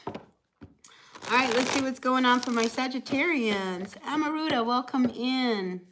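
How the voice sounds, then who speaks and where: A woman's voice: high-pitched, unhurried, background noise. A woman giving a casual, chatty live tarot reading, encouraging her viewers with lots of fillers like "you know" and "all right". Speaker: tarot reader.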